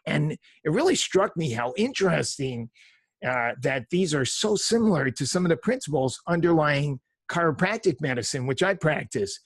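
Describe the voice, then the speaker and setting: Man in his 50s, podcast host, slightly high voice, dry close sound, reads intros with fillers. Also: lively intonation, moderate pace, husky, no room sound. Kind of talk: interview podcast.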